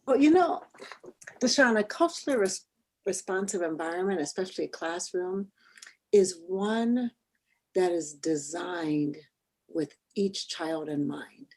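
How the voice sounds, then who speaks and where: A woman who is an early childhood education expert, explaining in a measured way on a radio panel. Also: on the low side, expressive, a little mellow.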